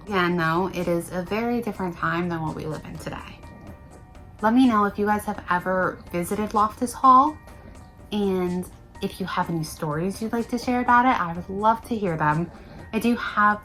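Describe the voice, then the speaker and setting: A woman hosting a paranormal history vlog, telling the story in a deliberately hushed, low-volume voice and sounding a little out of breath. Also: rough recording. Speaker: paranormal YouTuber host.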